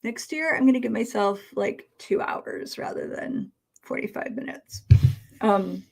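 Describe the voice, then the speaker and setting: A woman's voice: a little high, lively intonation, creaky. A woman hosting a casual live stream, talking with a slight lisp from costume fangs, musing and trailing off as she speaks. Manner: slow, musing, trailing off and restarting. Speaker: livestream host.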